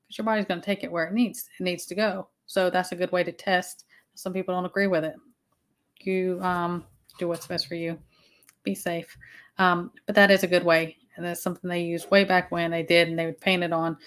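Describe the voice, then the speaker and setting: This woman hosts a laid-back livestream chat in a Southern US accent, her voice fairly low in pitch and a touch bright. She rambles, filling gaps and restarting her sentences. She comes from the Southern United States.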